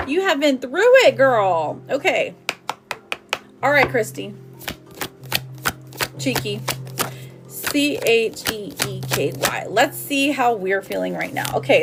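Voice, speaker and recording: A woman reading tarot on a live stream, chatty and affectionate, calling her viewers sweetheart and babe. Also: fairly high pitch. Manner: chatty, with frequent "like" and laughs. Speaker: tarot reader.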